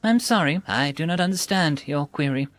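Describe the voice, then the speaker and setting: A man's voice: a little high, expressive, normal speed, fairly bright tone. A man voicing a petty, smug male food dispenser machine with stiff, politely formal speech. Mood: prim.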